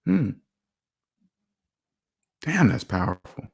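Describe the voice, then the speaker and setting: On a streaming mic, a man hosts a finance livestream in a very slow, mid-range voice with vocal fry and a slightly rough edge. He's emphatic and self-assured, chatting casually and reacting to viewer comments, his loudness swinging widely.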